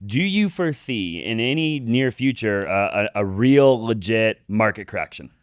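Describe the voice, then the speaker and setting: A man hosting a podcast interview, speaking in a relaxed, casual way. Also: lowish voice, moderate pace, no room sound, studio quality. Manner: relaxed, casual, frequent short affirmations. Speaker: podcast host.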